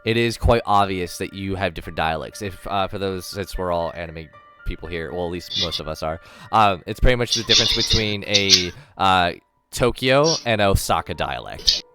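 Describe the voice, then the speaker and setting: A man's voice: low voice, normal speed, over loud music. A man running a tabletop game as dungeon master, rambling with lots of ums and self-corrections.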